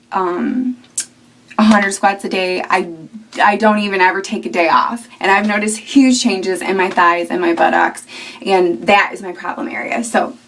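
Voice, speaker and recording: A woman's voice: medium pitch, fairly bright tone, distant mic. A young woman in her twenties talking casually to camera at home, chatty and rambling with fillers. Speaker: vlogger. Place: at home indoors.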